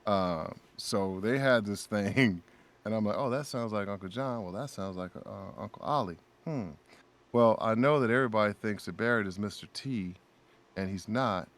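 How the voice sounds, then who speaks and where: A man guesting on a casual podcast, telling lively stories and acting out what his friends said. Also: fairly low pitch, normal speed. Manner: animated storyteller who acts out friends' lines. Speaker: guest voice actor.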